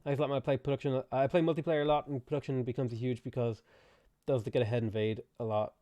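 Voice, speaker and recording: A man's voice: medium pitch, flat delivery, fast talker, dark tone, no echo. Chatty man streaming a strategy game. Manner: chatty, playful, reading and answering chat. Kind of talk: live game stream commentary.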